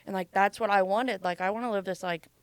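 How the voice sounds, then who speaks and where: A woman's voice: medium pitch, steady tone, quick pace, smooth, dry recording. A young adult woman from Ohio, a podcast guest telling her life story candidly and casually, swearing freely and acting out quotes.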